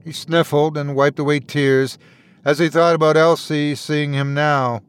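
A male storyteller reads a dark tale in measured, somber narration. His voice sits a little above the usual male pitch. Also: flat delivery, clean tone. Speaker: storyteller, podcast host. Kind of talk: scripted horror narration.

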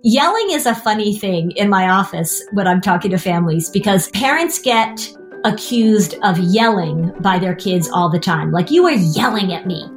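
A woman's voice: medium pitch, lively intonation, moderate pace, faint music behind. A middle-aged woman therapist talking on a podcast, explaining things and acting out parent and kid quotes. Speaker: therapist and anxiety expert. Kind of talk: podcast talk.

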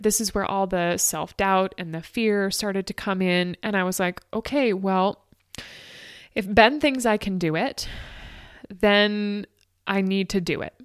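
Woman storyteller, smooth clear voice, dry close sound, emotional and chatty. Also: mid-range voice, measured pace, no echo. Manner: emotional, fighting back tears; frequent fillers like "like" and "um". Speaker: ultrarunner recounting a race. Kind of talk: personal storytelling.

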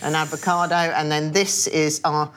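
A woman's voice: deep voice, little pitch movement, normal speed, a bit bright, a little hiss or hum. A woman co-hosting a food chat, patiently explaining how a dish is made. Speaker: co-host of a food podcast. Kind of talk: casual chat explaining a recipe.

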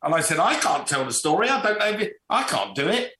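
A man spins a lively anecdote in a slightly high voice, slipping into the voices of the people in it as he goes. He is recorded in an echoey room. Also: quick pace, slight background noise. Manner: animated storyteller, acting out quoted voices. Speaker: guest. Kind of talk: casual storytelling.

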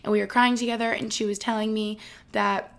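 A woman's voice: mid-range voice, little pitch movement, a little fast, gravelly. Emotional, gushing woman in her twenties. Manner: effusive, rambling, heavy use of "like"; emotional and tender. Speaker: podcast host. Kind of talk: casual heartfelt chat.

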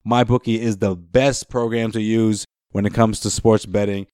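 A man's voice: fairly low pitch, level tone, normal speed, warm tone, clean tone, no room sound, clean studio sound. A man hosting a casual sports podcast, talking animatedly and slipping into mock voices to joke. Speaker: podcast host.

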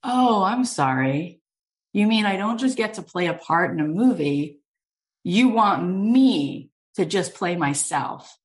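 A woman's voice: mid-range voice, expressive, slow, voice pushed up. A woman voicing a humble, startled woman who answers in a polite, incredulous way. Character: humble, startled woman being offered a show.

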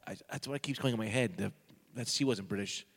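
A man bantering as co-host on a comedy show with quick, playful interjections. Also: fairly low pitch, fairly bright tone, husky, in a large hall.

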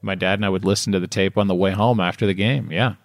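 A man's voice: sits low, steady tone, quick pace, creaky. A man co-hosting a podcast, telling stories in a casual, wry and joking chat. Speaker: podcast co-host.

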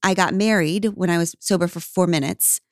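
A woman's voice: on the low side, fairly even intonation, a little fast, no room sound. Candid storytelling woman, dry close sound. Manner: candid, swears, acts out her own past lines. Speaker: podcast guest. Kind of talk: casual storytelling chat.

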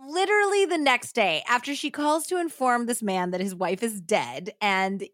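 A woman co-hosting a true crime podcast, telling the story in a casual, animated, laughing way with slang. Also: on the high side, normal speed, no echo, studio quality. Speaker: podcast co-host.

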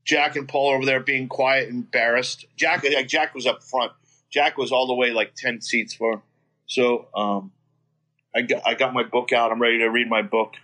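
A middle-aged man, a guest singer, telling a profane, animated story in casual chat with many restarts. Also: mid-range voice, moderate pace.

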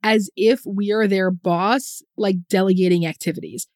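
A woman's voice: mid-range voice, fairly even intonation, moderate pace, a little mellow, dry recording, clean studio sound. A woman co-hosting a podcast, talking candidly and bluntly, with lots of "like" and some swearing. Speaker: podcast co-host, therapist. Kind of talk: casual chat.

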